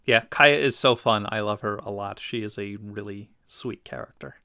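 A man's voice: on the low side, normal speed, bright, forceful tone, no echo, studio quality. A man co-hosting a podcast, chatting enthusiastically and describing details with some fillers. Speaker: podcast co-host. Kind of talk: casual chat.

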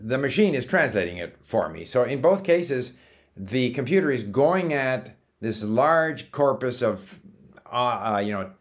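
A man's voice: medium pitch, very animated, a little slow. A man talking in a casual, thinking-aloud monologue about language learning, with frequent fillers and restarts. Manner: thoughtful, musing, with many fillers and restarts. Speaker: language-learning app founder.

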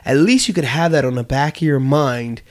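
A man's voice: medium pitch, animated, fairly quick, a little mellow. Earnest young man talking on a podcast. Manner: earnest, reflective, many fillers and restarts. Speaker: podcast co-host. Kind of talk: casual podcast conversation.

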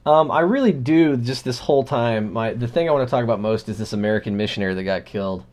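A male podcast co-host with a voice of ordinary middle pitch. He tells stories with animated, irreverent energy and a sardonic edge, in casual back-and-forth chat. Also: fast.

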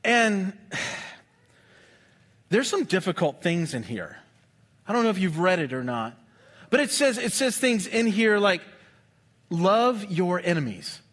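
A man preaching a sermon in a conversational, humorous way, with quick asides to the congregation. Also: high-pitched, very animated, a bit bright. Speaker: pastor.

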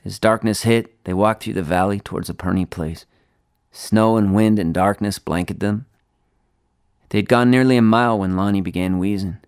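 Low gravelly man reading a story. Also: moderate pace, a little mellow, dry recording, studio quality. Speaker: author reading his story. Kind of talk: spoken-word story narration.

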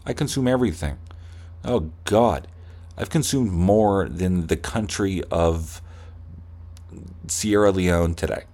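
A man's voice: deep voice, unhurried, warm tone. A man hosting a podcast, ranting with heavy swearing and slipping into mocking voices of corporate staff. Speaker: podcast host. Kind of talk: profane comedic rant.

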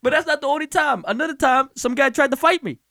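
A young man who manages a shoe store, telling stories in a casual chat, animated and swearing freely as he acts out the customers. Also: very high-pitched, fast, creaky, no room sound, studio quality.

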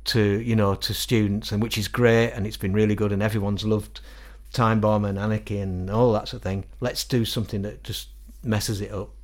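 Lively middle-aged Northern English man telling stories. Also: on the low side, moderate pace, few pauses. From England. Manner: animated, quotes others in acted-out voices, laughs often. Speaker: guest musician. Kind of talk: casual storytelling interview.

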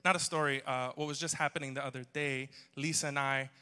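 Bright-voiced joking preacher in a hall. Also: male voice, mid-range voice, flat delivery, fast, clean tone. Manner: joking, storytelling, audience banter. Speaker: pastor. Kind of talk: humorous sermon. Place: church hall. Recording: long hall reverb.

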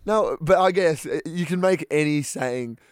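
A young man with a fairly high, smooth voice, wandering through his points in a loose comedy chat. The sound is close and dry, and he chuckles often as he talks. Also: normal speed, no room sound. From Australia. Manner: rambling, laughs at his own jokes. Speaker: podcast co-host.

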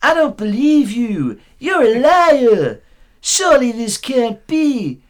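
Comic doing a nasal old folk singer, slow slurred drawl, lively swooping pitch, calls everyone man. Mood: rambling. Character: impression of a mumbling older male folk-rock singer. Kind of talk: comedy sketch impression.

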